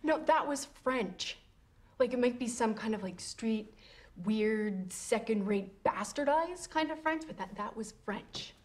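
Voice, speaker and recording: A woman's voice: fairly high pitch, lively intonation, unhurried, darkish tone. Earnest woman officer. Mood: insistent. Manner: earnest, insistent. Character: earnest woman officer, anxious and correcting others. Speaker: police officer.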